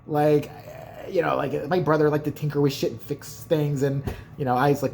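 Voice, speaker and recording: A man's voice: mid-range voice, steady tone, brisk, vocal fry, darkish tone, slight background noise. A man vlogging casually, telling rambling, profane, joking stories about his family. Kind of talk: casual storytelling.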